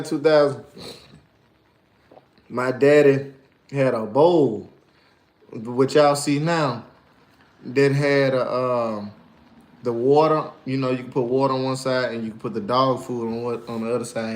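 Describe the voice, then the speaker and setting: Slangy, animated man streaming. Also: mid-range voice, moderate pace, pauses often. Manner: animated, slangy, storytelling with put-on voices. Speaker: livestreamer and musician. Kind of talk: casual livestream chat.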